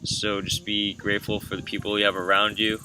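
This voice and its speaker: A man's voice: on the low side, monotone, fairly quick, noisy background. A young man in his twenties from Florida, casually telling a painful personal story with lots of fillers. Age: 20s. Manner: casual, filler-heavy, emotional. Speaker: vlogger. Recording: from a distance with soft guitar music.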